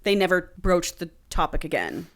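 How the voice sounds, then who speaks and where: A woman's voice: fairly low pitch, very animated, moderate pace, a bit bright. A woman hosting a podcast, casually and animatedly recapping a book, quoting characters and swearing freely. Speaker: podcast host.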